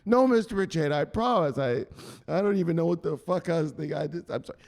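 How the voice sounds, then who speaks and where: A man's voice: high voice, expressive, brisk, gravelly, darkish tone, in a large hall, pitched above the performer's own voice, heavily acted. A man doing a stammering, frightened small investor. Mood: pleading. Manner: stammering, pleading. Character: timid male crypto holder, frightened and pleading.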